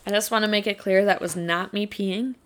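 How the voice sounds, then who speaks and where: A young woman co-hosting a casual podcast, chatty and giggly, quick to tease. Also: medium pitch, fairly even intonation, fairly bright tone, a little hiss or hum. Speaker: podcast co-host. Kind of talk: casual chat.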